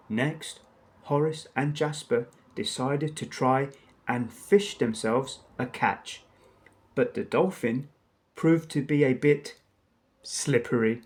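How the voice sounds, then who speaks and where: A man narrating a children's storybook aloud in a measured storytelling manner. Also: medium pitch, a little mellow.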